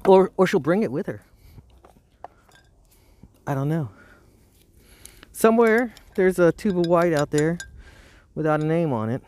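A man's voice: a little high, expressive, unhurried, long pauses, a little mellow. A man hosting a casual live painting stream outdoors by the roadside, rambling and talking to himself with frequent chuckles.

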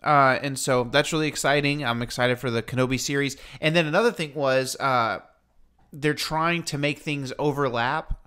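A man co-hosting a podcast, talking in a rambling, jokey and animated way as he chats with his brother. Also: mid-range voice, normal speed, clear, resonant tone. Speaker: podcast co-host. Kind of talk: casual chat.

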